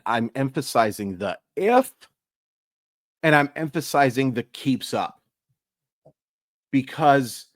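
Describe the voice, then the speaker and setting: A man's voice: mid-range voice, no room sound, studio quality. A man hosting a daily baseball recap channel, venting with exasperated emphasis. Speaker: sports YouTuber.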